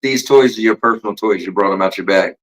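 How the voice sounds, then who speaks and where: Easygoing guy hosting, bright sharp voice, laughs along a lot. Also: lowish voice, quick pace, poor audio. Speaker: podcast host. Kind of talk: casual chat.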